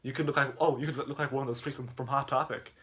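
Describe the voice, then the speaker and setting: A man's voice: mid-range voice, steady tone, fast talker, a bit bright, close to an everyday voice. A man voicing a pushy, shady dentist who talks offhandedly.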